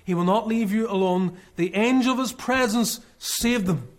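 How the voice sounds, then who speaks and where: A man with a notably high-pitched voice preaches a sermon. He reads scripture in old-fashioned wording and slows down to stress its key phrases. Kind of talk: expository sermon.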